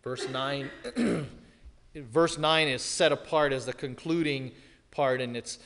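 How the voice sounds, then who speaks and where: A man preaching an expository sermon as pastor, emphatic, swinging from loud declarations to hushed, serious lines. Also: mid-range voice, takes it slowly, slight background noise. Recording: long hall reverb.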